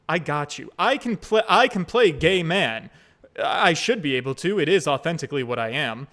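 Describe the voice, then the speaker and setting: A man's voice: high-pitched, fairly bright tone. A man streaming a story game, commenting casually in a crude, joking way.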